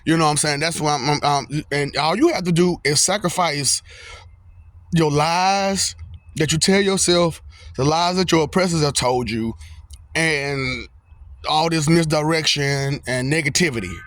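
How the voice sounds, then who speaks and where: Rambling, bright-voiced young man outdoors. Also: a little high, moderate pace. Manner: rambling, laughs often, repeats "you know what I'm saying". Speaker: vlogger. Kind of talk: casual monologue to camera. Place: outdoors, windy.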